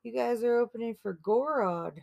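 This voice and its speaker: A woman's voice: on the high side, moderate pace, gravelly, a little mellow, dry recording. A woman co-hosting a podcast in casual chat, playful and foul-mouthed. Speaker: podcast co-host.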